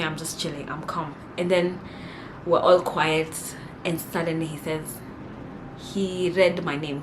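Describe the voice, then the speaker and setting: A young woman with a Kenyan accent tells stories in a casual, animated way. She is indignant and mixes in Swahili slang. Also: lowish voice, background noise. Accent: Kenyan English. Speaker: vlogger. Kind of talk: casual storytelling.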